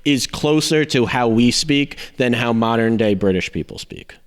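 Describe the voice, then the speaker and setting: A man's voice: mid-range voice, animated, normal speed, clear, resonant tone. A man hosting a podcast in casual chat, explaining things in a rambling way and correcting himself as he goes. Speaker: podcast host.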